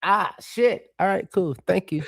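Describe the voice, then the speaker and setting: A man co-hosting a sports podcast, telling stories in a profane, animated way. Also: sits high, unhurried, gravelly, dry recording, clean studio sound. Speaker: podcast co-host. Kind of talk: casual sports chat.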